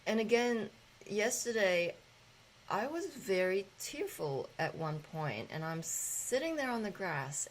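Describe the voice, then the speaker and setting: A woman's voice: medium pitch, very animated, slow, a little hiss or hum, rough recording. A woman hosting a casual spiritual gathering, talking in a loose, rambling way with fillers and the odd swear.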